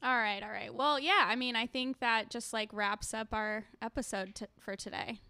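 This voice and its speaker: A young woman co-hosting a podcast in casual chat, blunt and quick to react, with some swearing. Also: on the high side, steady tone, gravelly, bright, forceful tone. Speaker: podcast co-host.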